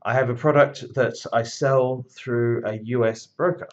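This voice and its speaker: A man's voice: mid-range voice, steady tone, a little slow, highs cut off. A man giving a university lecture in a conversational, emphatic way, with blunt asides.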